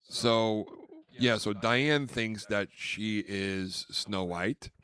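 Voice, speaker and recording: A man's voice: on the low side, extremely slow, fairly bright tone, clear, resonant tone. A man hosting a podcast, telling rambling stories in casual chat. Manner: rambling storyteller, name-dropping, acts out quotes. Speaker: podcast host.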